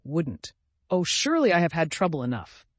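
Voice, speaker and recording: A man's voice: on the high side, sing-song, moderate pace, no echo, pitched above the performer's own voice. A man voicing an anxious middle-aged mother in an audiobook, plaintive and moaning. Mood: distressed.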